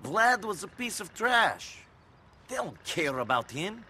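Balkan ex-soldier in a game, dry sarcastic, bright and kinda high. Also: male voice, sing-song, measured pace, a little hiss or hum, exaggerated voice. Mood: firm. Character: gruff sardonic male immigrant ex-soldier. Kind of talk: video game cutscene dialogue.

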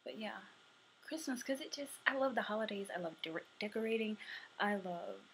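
A young woman chatting casually to camera, answering questions for a tag video, sometimes dropping to a soft murmur. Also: mid-range voice, expressive, moderate pace, a little hiss or hum, low-quality recording. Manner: chatty, drifting between soft murmurs and bright bursts.

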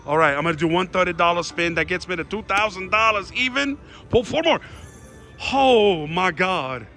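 A man with a high, bright voice talks fast at a slot machine, swinging between hopeful pleading and excited shouts. He keeps addressing his viewers as the reels spin. Faint slot machine music plays behind him. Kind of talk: excited live slot commentary. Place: casino floor.

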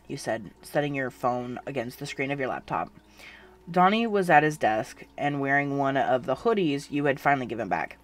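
A narrator reading a second-person fan fiction story aloud in an even, unhurried way. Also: mid-range voice.

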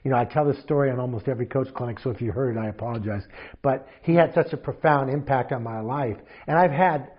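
Husky-voiced man in his fifties. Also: mid-range voice, fast, lo-fi sound. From Marin County, California. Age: 50s. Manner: animated storyteller acting out quotes. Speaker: guest, mental toughness trainer. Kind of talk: casual interview storytelling.

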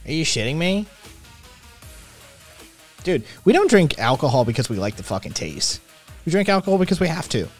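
A man hosts a relaxed late-night stream, reading chat comments and answering them with plenty of swearing. His pitch swings widely as he gets worked up, and faint music plays behind him. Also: moderate pace, pauses often. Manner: profane, animated, reacts to chat messages. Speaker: podcast host reading live chat. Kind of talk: casual livestream chat.

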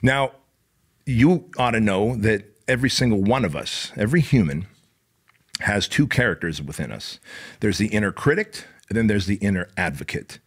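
A man's voice: on the low side, animated, normal speed, husky. A middle-aged man hosting his own show, giving a blunt, profane motivational monologue with lots of emphasis. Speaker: podcast host.

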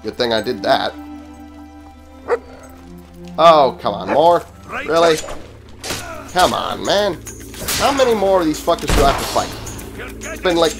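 A man's voice: fairly high pitch, gravelly. Swearing man narrating his gameplay. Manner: profane, sarcastic, exclaiming at enemies. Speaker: gaming channel host. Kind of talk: casual gameplay commentary. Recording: game music behind voice.

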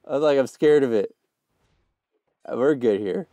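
A young man giving casual gameplay commentary, full of slang, who often bursts into loud screams and laughter. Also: medium pitch, unhurried, pauses often, no echo, clean studio sound. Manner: hyped, yells and screams when excited, slangy. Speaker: gaming YouTuber.

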